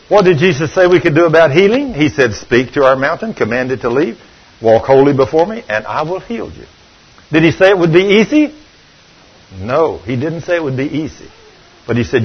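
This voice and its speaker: An older man preaching a sermon, telling stories and swinging between loud and hushed. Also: fairly high pitch, husky. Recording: dull lo-fi recording.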